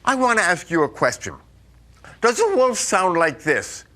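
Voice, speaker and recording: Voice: medium pitch, very animated, a little slow, pushed and bright. An actor playing a big, friendly, silly wolf who chats playfully with the children in a live stage show. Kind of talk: live children's theatre, talking to the audience. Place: theatre stage with a live audience.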